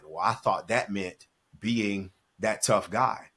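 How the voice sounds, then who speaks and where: Podcast guest: man, 40s, husky and fairly low voice, earnest, emphatic storytelling. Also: fairly even intonation, normal speed, a bit bright. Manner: earnest, emphatic, acts out quoted dialogue. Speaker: podcast guest, speaker and author. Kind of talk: reflective storytelling in conversation.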